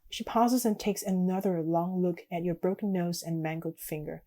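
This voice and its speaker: A woman streaming a text game, reading the story aloud evenly with quiet, casual asides. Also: fairly low pitch, fairly even intonation, normal speed, few pauses.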